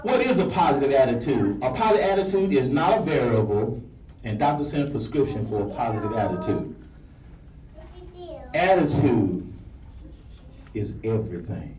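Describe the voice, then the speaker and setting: A man, a pastor and life coach giving a playful motivational keynote, rallying the audience to shout along. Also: medium pitch, big pitch swings, moderate pace, long pauses. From Alabama. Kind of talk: lively motivational speech to an audience. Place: large banquet hall with an audience. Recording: echoey hall, distant mic, audience noise.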